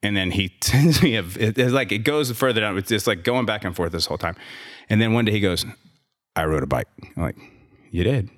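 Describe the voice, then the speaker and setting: A man's voice: fairly low pitch, fast, a bit bright. A man being interviewed, a gym owner and trainer telling a long story in a rambling, sarcastic way with many restarts.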